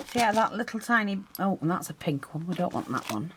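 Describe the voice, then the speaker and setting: Woman, craft tutorial, chatty, explains while working, breathing audible, lowish voice. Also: lively intonation, brisk, few pauses, noisy background. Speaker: craft teacher.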